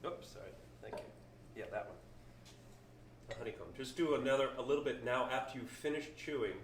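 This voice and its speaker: A man's voice: mid-range voice, a little fast. A man, a winery founder, musing aloud about flavors during a casual wine tasting. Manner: reflective, muses aloud. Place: wine cellar. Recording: roomy, distant mic, faint noise.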